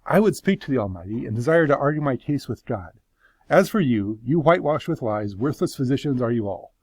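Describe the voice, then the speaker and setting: A man's voice: medium pitch, sing-song, brisk, darkish tone, dry recording. A man voicing a suffering man who pleads his innocence before God, passionate and bitter. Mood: sarcastic.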